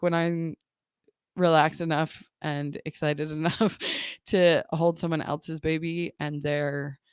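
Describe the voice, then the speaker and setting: Woman, 30s, life-coach podcast host; gravelly fry, dry close sound, chatty and encouraging, laughs a lot. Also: low-pitched, dry recording. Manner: encouraging, laughs often, many "like" and "right?" fillers. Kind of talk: casual podcast monologue.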